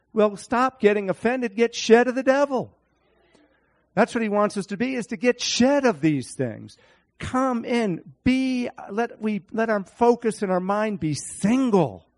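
A man preaching a sermon, animated, speaking to his congregation by name and acting out Bible scenes in different voices. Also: high voice.

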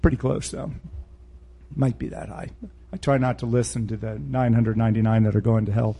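A man's voice: medium pitch, steady tone, a little fast, gravelly, dark tone, breathy edge. A man preaching a verse-by-verse Bible teaching sermon in a blunt, emphatic way, with sarcastic asides.

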